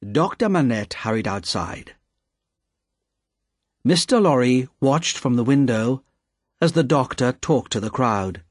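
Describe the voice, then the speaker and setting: A man reading a novel aloud as an audiobook narrator, measured and expressive, on a close studio mic. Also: medium pitch, no echo. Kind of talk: scripted narration.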